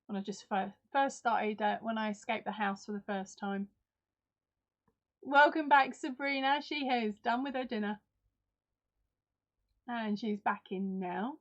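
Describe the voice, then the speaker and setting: A woman's voice: fairly high pitch, unhurried, long pauses, a bit bright, dull audio. A woman hosting a live crafting stream in casual chat, reading out and answering viewers' comments. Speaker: host.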